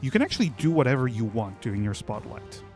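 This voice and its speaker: A man narrating as game master in a relaxed, chatty way. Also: mid-range voice, fast talker, faint music behind. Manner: relaxed, chatty, many fillers and restarts.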